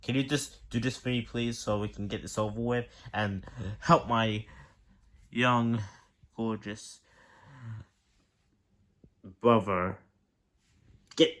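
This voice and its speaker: A man's voice: mid-range voice, fairly even intonation, slow pace, long pauses, a bit bright. A man doing an anxious big brother. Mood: worried. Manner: fretful, rambling. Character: worried protective older brother. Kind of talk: plush toy skit.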